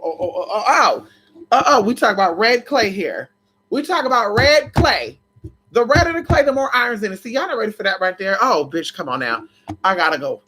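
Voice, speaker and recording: A dramatic, sassy vlogger chats with viewers in a bright, forceful voice. The pitch swoops high and low, and the talk bursts into laughs and shouts. It sounds like a casual livestream picked up on a camera mic. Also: husky. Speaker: spiritual vlogger.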